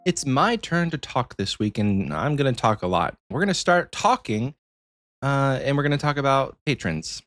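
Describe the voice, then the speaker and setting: A man hosting a casual podcast chat, animated and playful, teasing his co-host. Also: mid-range voice, moderate pace, faint music behind.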